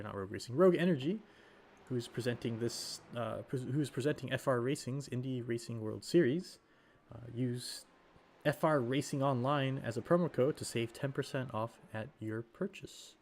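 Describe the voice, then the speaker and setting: A man's voice: medium pitch, a little mellow. Man commentating a sim race with a cold. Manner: rambling, self-correcting, with many fillers. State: recovering from a cold. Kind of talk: live stream race commentary.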